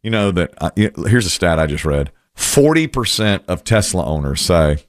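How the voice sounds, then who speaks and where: A man's voice: sits low, big pitch swings, moderate pace, no room sound, studio quality. A man hosting a casual radio chat, telling stories and giving opinions in a chatty way. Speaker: radio show host.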